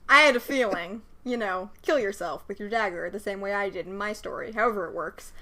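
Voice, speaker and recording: A woman's voice: medium pitch, a little fast, sharp tone. A young woman co-hosting a podcast, blunt and sarcastic as she recaps a film, swearing freely. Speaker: podcast co-host. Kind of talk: casual movie discussion.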